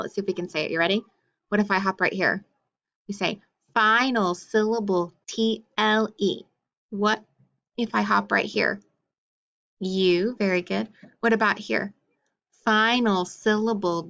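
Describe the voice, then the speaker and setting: A woman teaching a phonics lesson to children, slowly sounding out syllables and praising often. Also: medium pitch, a little mellow.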